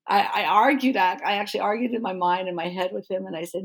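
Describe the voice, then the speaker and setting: A woman's voice: mid-range voice, quick pace, few pauses. A middle-aged woman, a pastor and author, telling a personal story in an interview and acting out the dialogue and her own thoughts. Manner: animated, acts out remembered inner thoughts and dialogue.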